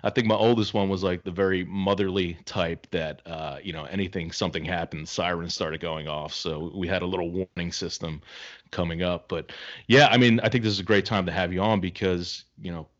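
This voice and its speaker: A man's voice: low voice, steady tone, brisk. A man co-hosting a podcast, telling stories in a laid-back way and swearing casually. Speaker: podcast co-host. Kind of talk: casual chat. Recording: dull lo-fi podcast audio.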